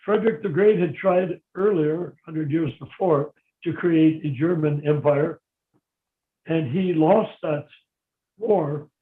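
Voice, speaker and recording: A man's voice: on the high side, slow. A man raised in America, answering a question at length in a live Q&A, telling history in a rambling, discursive way. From United States. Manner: discursive, digressive storyteller. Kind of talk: live Q&A, long explanatory answers. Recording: tinny phone-like line in an echoey room.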